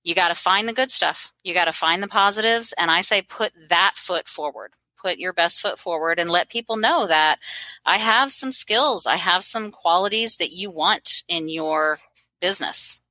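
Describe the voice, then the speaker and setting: Bright-toned encouraging female counselor. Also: fairly low pitch, moderate pace, no room sound, poor audio. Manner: encouraging, practical. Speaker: guest, mental health counselor. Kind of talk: interview answers.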